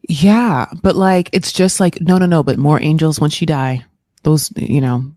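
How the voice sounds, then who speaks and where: A woman's voice: sits low, a little slow, mellow, dry recording, studio quality. A woman co-hosting a pop culture recap podcast, telling stories in a crude, comedic way. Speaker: podcast co-host.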